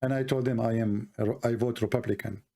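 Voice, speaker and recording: A man's voice: mid-range voice, steady tone, fairly quick, warm tone. A man from the Middle East with an Arabic accent, talking in a mocking, ironic monologue full of rambling asides. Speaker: online commentator. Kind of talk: sarcastic monologue.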